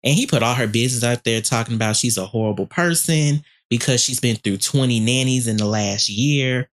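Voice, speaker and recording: A woman's voice: rumbling low, a little fast. A woman co-hosting a podcast, recapping gossip in a sassy, profane way while talking around a dental retainer. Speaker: podcast co-host.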